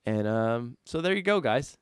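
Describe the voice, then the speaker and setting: A man hosting a casual live-stream car chat, talking loosely and excitably, jumping from loud bursts to mutters. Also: mid-range voice, normal speed, clear, resonant tone, no room sound, studio quality. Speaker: host.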